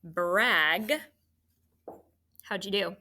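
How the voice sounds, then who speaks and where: A woman's voice: medium pitch, extremely slow, sharp tone. A woman teaching a children's phonics lesson, spelling out letters and encouraging the students.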